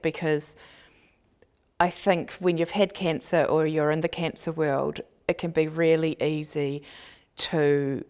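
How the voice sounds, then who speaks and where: Low, creaky-voiced woman host. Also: darkish tone. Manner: earnest, reflective. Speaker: podcast host. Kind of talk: casual podcast chat.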